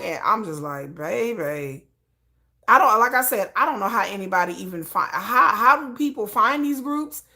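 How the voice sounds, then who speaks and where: A woman vlogger chatting casually about pop music in a slangy, animated way, full of asides. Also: on the high side.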